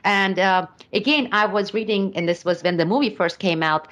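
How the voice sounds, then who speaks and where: A middle-aged woman giving commentary as a podcast guest, speaking deliberately and emphatically with frequent pauses. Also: medium pitch, fairly bright tone. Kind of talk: casual podcast discussion.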